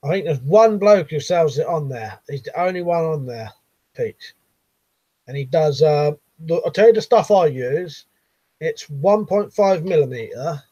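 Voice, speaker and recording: A man's voice: on the high side, expressive, unhurried, warm tone, breathy edge, no room sound, muffled recording. A man with a Southern English accent hosting a casual live stream, reading viewers' comments aloud with frequent laughs and casual swearing. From Buckinghamshire, England.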